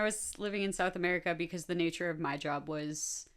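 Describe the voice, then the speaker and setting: A woman's voice: lowish voice, a little fast, a bit bright. A woman hosting a podcast interview, chatty and curious, laughing easily. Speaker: podcast host. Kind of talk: casual interview chat.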